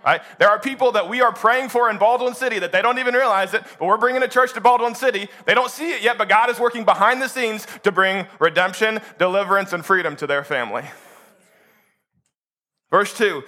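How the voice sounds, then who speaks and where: Bright-voiced animated preacher man. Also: high-pitched, fairly quick. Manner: animated, humorous storytelling. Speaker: pastor. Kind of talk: sermon.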